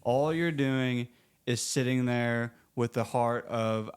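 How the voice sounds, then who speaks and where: A man's voice: steady tone, slow, clear, resonant tone. A man hosting a podcast in casual faith talk, earnest, his voice rising when he makes a point. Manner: earnest, rises in pitch when making a point. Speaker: podcast host.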